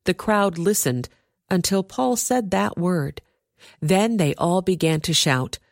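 Low-voiced woman reading scripture. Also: vocal fry, dry recording, studio quality. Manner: steady, measured storytelling. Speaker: scripture reader.

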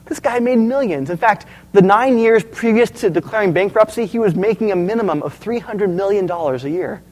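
A man's voice: high voice, brisk, rough recording. A man preaching a sermon as pastor, telling stories and asking the congregation questions. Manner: storytelling, animated, asks the audience questions.

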